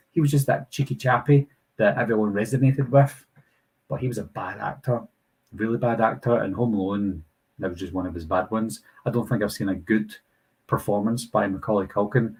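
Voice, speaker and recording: A man's voice: fairly low pitch, darkish tone, breathy edge, rough recording. A British man in his thirties hosting a live Q&A stream, reading viewer comments and chatting casually. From United Kingdom. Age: 30s. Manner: chatty, reads viewer comments aloud and answers them.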